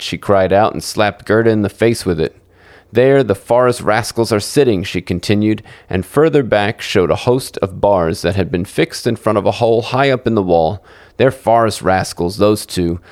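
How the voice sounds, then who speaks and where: A man with a low, gravelly voice reads a fairy tale aloud for children, lifting his pitch when characters speak. The recording is dry and close, with no room sound. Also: darkish tone, dry recording. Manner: acts out dialogue with lifted pitch. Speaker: storyteller.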